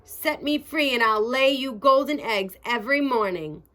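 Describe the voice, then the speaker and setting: A woman's voice: fairly high pitch, expressive, normal speed, fairly bright tone, voice pushed up. A woman voicing a talking golden hen who pleads to be set free in a storybook reading. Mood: pleading.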